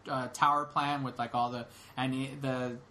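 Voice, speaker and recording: A man's voice: medium pitch, little pitch movement, normal speed, pushed and bright. A young man co-hosting a podcast, retelling a film in casual chat, rambling with lots of fillers and restarts. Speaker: podcast co-host.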